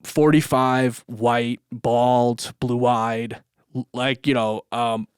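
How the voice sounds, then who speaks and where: A man's voice: mid-range voice, little pitch movement, very slow, clean tone, no room sound, clean studio sound. A man telling a story in a loose, rambling podcast monologue, swearing often and full of fillers. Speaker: podcast host. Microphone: camera mic.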